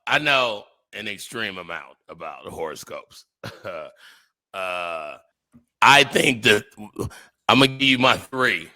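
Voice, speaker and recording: A man's voice: lowish voice, lively intonation, slow, sharp tone. A man co-hosting a podcast, joking and teasing his friends in casual banter. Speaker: podcast co-host. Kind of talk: casual chat.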